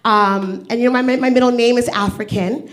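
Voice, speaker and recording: A woman's voice: on the high side, fairly even intonation, a little fast. A woman doing a blunt, self-mocking stand-up set at an open mic, speaking into a stage microphone. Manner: blunt, self-mocking, quotes people in voices. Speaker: stand-up comedian. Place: comedy open mic venue.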